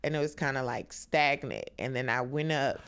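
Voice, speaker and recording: A woman, a comedian appearing as a podcast guest, talks casually and retells stories in an animated way, using a lot of "like" fillers. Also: rumbling low, moderate pace, clean tone. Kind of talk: casual chat.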